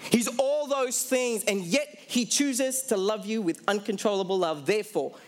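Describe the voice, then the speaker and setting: A man preaching a sermon to a congregation. He asks the audience questions, answers them himself, and slows down hard on the key phrases. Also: high-pitched.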